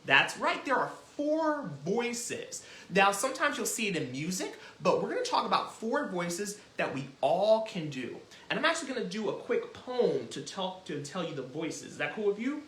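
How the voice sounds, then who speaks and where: A man hosting a children's music lesson, talking in an animated, encouraging way and demonstrating as he goes. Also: high-pitched, moderate pace, few pauses, roomy sound. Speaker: children's music teacher and host.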